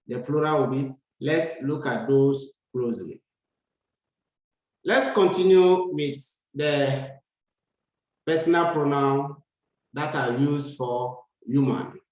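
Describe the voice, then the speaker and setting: Slow, deliberate male teacher, echoey room. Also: medium pitch, a little mellow. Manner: slow, deliberate, repeats sentences for learners. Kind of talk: slow grammar lesson.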